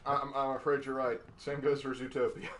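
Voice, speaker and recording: A man's voice: mid-range voice, flat delivery, fairly quick, background noise. A man co-hosting a casual stream, rambling playfully through jokes. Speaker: stream co-host.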